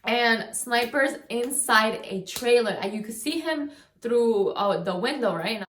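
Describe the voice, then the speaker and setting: A woman's voice: fairly high pitch, expressive, measured pace, a bit bright. A young woman telling a long personal story to the camera in a loose, rambling way, leaning on "like" and often restarting her sentences. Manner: rambling, heavy use of "like", frequent restarts. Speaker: vlogger. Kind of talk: casual storytime. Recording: roomy echo.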